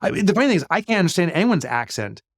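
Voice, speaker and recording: A man's voice: sits high, very animated, rapid-fire, no room sound, studio quality. A middle-aged man answering interview questions in a chatty way, often with fillers and restarts. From United States. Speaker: guest, business author.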